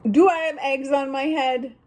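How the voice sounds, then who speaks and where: A woman's voice: sits high, fairly even intonation, normal speed, a little mellow, a little hiss or hum, natural voice. A woman voicing a worried, fussy male elephant in a storybook read-aloud, talking in an anxious, complaining way.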